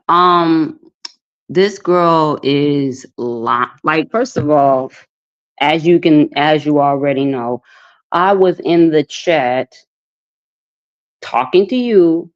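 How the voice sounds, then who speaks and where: A woman calling in to a live stream, hesitant and defensive, speaking in halting bits. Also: deep voice. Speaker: guest calling in. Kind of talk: casual chat. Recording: muffled lo-fi call audio.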